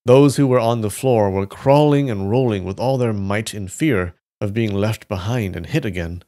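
A man reads a story aloud on a live stream in a lowish voice. His narration is steady and plain. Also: normal speed. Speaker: live reader.

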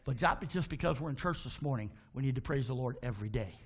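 A pastor preaching a sermon in a church, fervent, calling out to the congregation for responses and dropping into folksy asides. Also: male voice, medium pitch, expressive, fast talker, husky. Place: church sanctuary.

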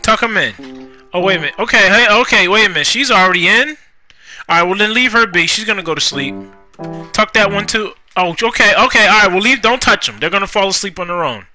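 Animated, high-pitched man with game music. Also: a little fast. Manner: animated, profane, talks to the game characters, rhymes jokingly. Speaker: gaming YouTuber. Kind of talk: casual Let's Play commentary.

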